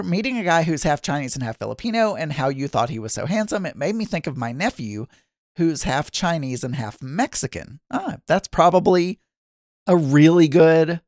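A man's voice: on the high side, dry recording. Chatty man hosting a solo podcast. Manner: chatty, rambling, self-deprecating asides. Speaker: podcast host. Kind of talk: casual daily monologue podcast.

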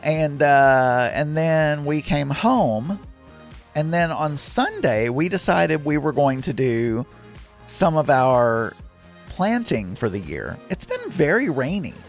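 A man's voice: a little high, sing-song, takes it slowly, soft background music. A middle-aged man telling a rambling, chatty story with exasperated asides. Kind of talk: casual storytelling monologue.

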